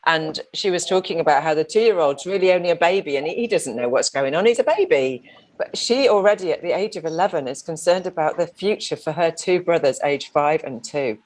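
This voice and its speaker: A woman commentating on a live stream in an earnest, casual way, repeating her points for emphasis. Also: on the low side.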